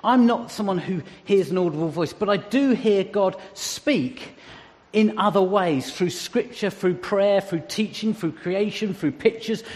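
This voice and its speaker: A man's voice: sits high, unhurried, darkish tone, long reverb tail. A middle-aged man giving a conversational sermon with humorous asides. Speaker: church speaker.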